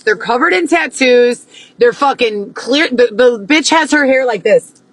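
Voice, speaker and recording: Young woman venting to camera: fast, foul-mouthed, repetitive, a touch high, dry close mic. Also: animated, dry recording, poor audio. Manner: profane, agitated, repetitive. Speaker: vlogger. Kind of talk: ranting monologue to camera.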